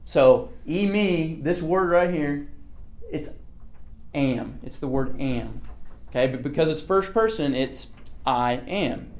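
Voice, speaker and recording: A man's voice: on the high side, slow. Man teaching a casual Bible class. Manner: conversational, repeats "okay" often, asks the group questions.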